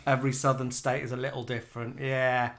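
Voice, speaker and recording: A man's voice: medium pitch, little pitch movement, brisk, fairly bright tone. A middle-aged English man co-hosting a casual live chat, reading out viewer comments and giggling often. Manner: chatty, giggly, reads out comments. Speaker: podcast co-host.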